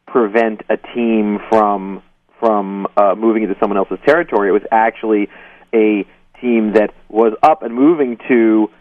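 A man being interviewed, speaking haltingly with many ums and you-knows and hedging as he explains. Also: on the low side, steady tone, no echo. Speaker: guest journalist. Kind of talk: phone-in interview. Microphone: phone. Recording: tinny distant phone line.

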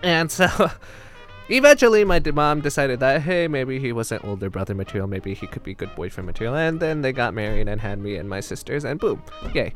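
A young man telling personal family stories on a podcast, animated and slipping into quoted voices. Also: medium pitch, moderate pace, soft background music. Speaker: storyteller.

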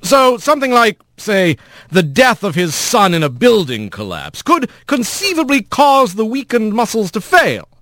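A man's voice: high-pitched, huge pitch swings, a little slow, fairly bright tone, no room sound, studio quality, voice pushed up, heavily acted. A man voicing a male animal prosecutor who asks formal, leading questions.

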